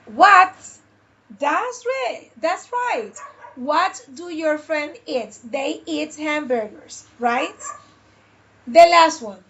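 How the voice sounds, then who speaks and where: A woman with a Spanish accent teaching an English class, repeating phrases slowly and switching between English and Spanish. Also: high voice, lively intonation, fairly bright tone. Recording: dull lo-fi sound.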